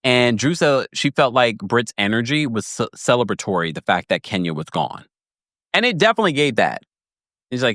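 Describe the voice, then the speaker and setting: Talking a little fast, this chatty man rehashes reality show drama for his podcast listeners, breaking into laughter, performing the quotes and interrupting his own sentences. His pitch leaps around with lively energy, recorded dry and up close without any echo.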